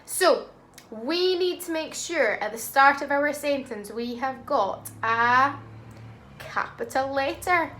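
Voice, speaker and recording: A woman teaching a phonics lesson to young children, speaking slowly and clearly and sounding out words in an encouraging way. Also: sits high, lively intonation, pushed and bright, slight background noise. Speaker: primary school teacher.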